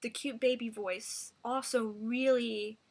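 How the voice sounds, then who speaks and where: A woman giving a mock singing tutorial in a deadpan, rambling, self-serious way. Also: a little high, slow pace.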